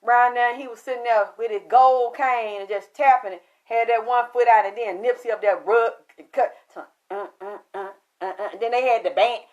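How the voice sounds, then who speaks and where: A woman with a somewhat high voice tells a story about a spiritual reading in a loose, profane, animated way. Her voice leaps up when she gets excited and drops low when she turns quiet and confiding. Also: normal speed, hardly any pauses, lo-fi sound. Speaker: spiritual medium recounting a reading. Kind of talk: casual storytelling to an audience.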